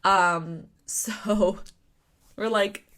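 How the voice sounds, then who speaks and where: A woman's voice: medium pitch, extremely slow. Chatty young woman reviewing a manga. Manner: chatty and excitable, full of fillers and rhetorical questions. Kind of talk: casual spoken review.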